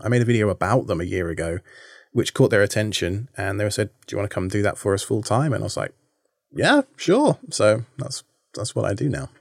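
Chatty British man, low voice. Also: vocal fry, no room sound, studio quality. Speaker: guest, content creator. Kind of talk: casual podcast chat.

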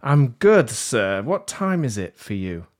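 A man's voice: mid-range voice, big pitch swings, slow. A man hosting a podcast panel, joking and rambling in a self-deprecating way. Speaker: podcast host. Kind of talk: casual panel chat. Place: London.

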